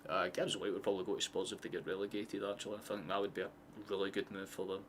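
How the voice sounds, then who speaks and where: A man's voice: deep voice, fast talker, slight background noise. Sweary Scottish man calling a match. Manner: excitable, sweary, chatty asides. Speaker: streamer hosting a match watchalong. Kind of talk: live casual football commentary.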